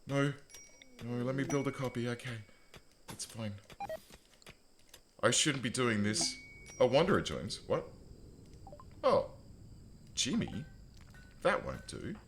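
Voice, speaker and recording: A man's voice: medium pitch, animated, slow, long pauses, a bit bright, slight background noise. A man streaming a strategy game, chatting casually and joking as he talks to his viewers and to his in-game characters. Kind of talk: casual let's-play commentary.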